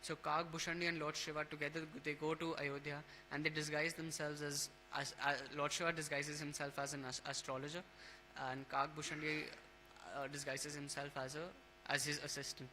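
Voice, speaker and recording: Bright-voiced man telling a scripture story. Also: fairly high pitch, little pitch movement, normal speed, a little hiss or hum, low-quality recording. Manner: storytelling with many restarts and fillers. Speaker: speaker at a temple class.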